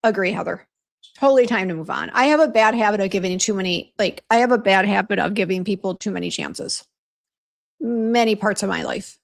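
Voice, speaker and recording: A woman's voice: medium pitch, fairly quick, gravelly. A woman hosting a casual beauty livestream, chatting and venting while reading viewer comments aloud. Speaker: beauty brand host on livestream.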